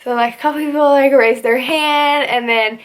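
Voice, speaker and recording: Young woman vlogger, high-pitched and chatty, rambling storytelling full of fillers; casual, relaxed delivery. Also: moderate pace. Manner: chatty, rambling, heavy use of "like". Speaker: vlogger recounting basic training.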